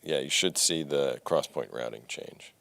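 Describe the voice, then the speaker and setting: Very deep-voiced man, dry sound. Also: normal speed, vocal fry, fairly bright tone, no room sound. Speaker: co-presenter. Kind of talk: technical explanation.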